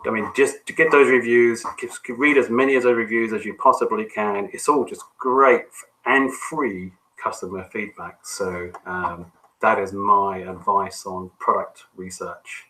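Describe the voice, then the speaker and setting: Brief: male business coach, forceful bright tone, easygoing delivery, lots of filler words. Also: fairly low pitch, measured pace, rough recording. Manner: relaxed, conversational, frequent ums and restarts. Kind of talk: coaching call, answering questions.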